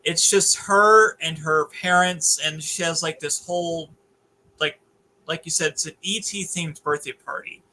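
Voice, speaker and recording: A man's voice: on the high side, unhurried, bright, forceful tone, low-quality recording. A man co-hosting a book club podcast, talking through a novel in a hesitant, casual way with many restarts. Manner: hesitant, lots of fillers and restarts. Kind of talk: casual chat about a novel.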